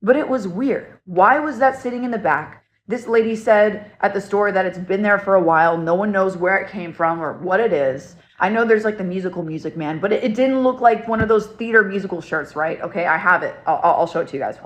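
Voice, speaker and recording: A young woman telling her own ghost-investigation story to camera in a casual, excited way, filling her talk with "like" and "okay?". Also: medium pitch, brisk, few pauses. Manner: excited, chatty, many fillers and "okay?" checks.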